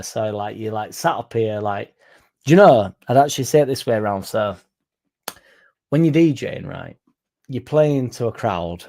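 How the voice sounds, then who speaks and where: Gravelly rambling man. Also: lowish voice, a little mellow. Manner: rambling, self-interrupting, sweary. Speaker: fan channel host. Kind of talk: casual live-stream chat reading comments.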